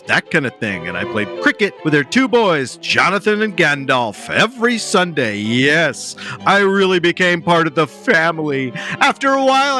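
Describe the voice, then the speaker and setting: A middle-aged man, a comedian guest, giving a bossy, rambling, mock-serious improv lecture with deadpan self-importance. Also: fairly high pitch.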